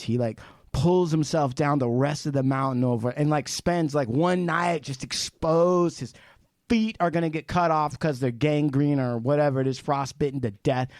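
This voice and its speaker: A man telling a story on a casual podcast, swearing freely and shouting parts of it out. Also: mid-range voice, no echo, studio quality. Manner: animated, profane storytelling with shouted re-enactments. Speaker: podcast guest, film director.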